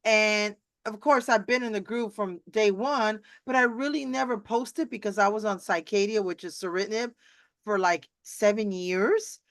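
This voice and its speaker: A chatty middle-aged woman with a medium-pitched voice speaks at a normal speed as host of a live video interview. She rambles through casual conversation, restarting often and acting out quotes, on a dry recording with no room sound.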